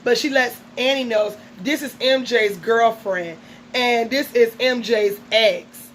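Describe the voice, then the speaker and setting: A woman's voice: a little high, takes it slowly, a little hiss or hum, poor audio. A woman casually recapping a reality show episode in a chatty, gossipy way.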